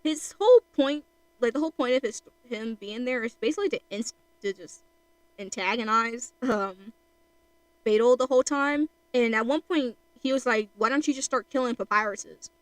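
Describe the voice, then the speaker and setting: A woman's voice: a little high, expressive, moderate pace, no room sound, rough recording. Chatty woman rambling on stream. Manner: rambling, filler-heavy. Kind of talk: casual chat while drawing on stream.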